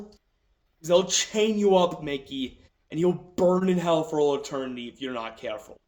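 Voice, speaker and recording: A man's voice: fairly high pitch, normal speed, darkish tone. A man ranting in an angry, profane, mocking commentary, talking into a phone.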